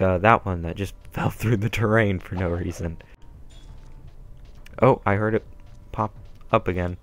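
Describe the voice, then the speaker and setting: A young man with a low voice talks his way through a video game in loose, rambling commentary and pokes fun at himself. Game music sits faintly underneath. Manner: rambling, self-deprecating. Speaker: gameplay commentator. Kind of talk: casual let's-play commentary.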